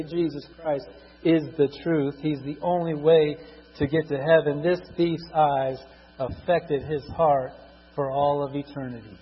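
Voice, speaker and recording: A middle-aged man preaching a sermon, husky, swinging between loud emphatic bursts and quiet asides, drawing out scripture verses slowly. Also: a little high. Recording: dull lo-fi recording in a reverberant hall with mains hum.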